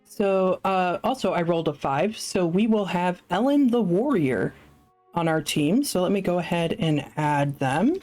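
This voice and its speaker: Slow-talking woman streamer, low voice. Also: animated, darkish tone, faint music behind. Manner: chatty, self-deprecating, thinks aloud with fillers. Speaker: streamer playing a solo tabletop game. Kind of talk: casual live-stream chat.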